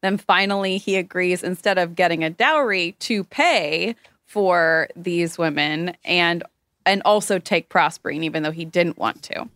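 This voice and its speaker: A woman's voice: on the low side, unhurried, a bit bright, no echo. A woman casually summing up a novel's plot in a chat with friends, slipping into mocking voices for the characters.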